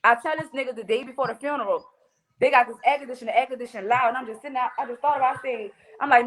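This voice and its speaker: A woman's voice: a little high, racing, a bit bright. A woman with a New Orleans accent, a podcast guest telling stories in casual chat, blunt and full of cursing. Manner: blunt, profane storytelling.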